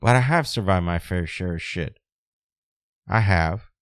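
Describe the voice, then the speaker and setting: A man's voice: unhurried, clear, resonant tone, no echo. Blunt, profane man ranting solo. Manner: blunt and profane, swinging from low and quiet to loud and high. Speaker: podcast host. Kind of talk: solo podcast rant.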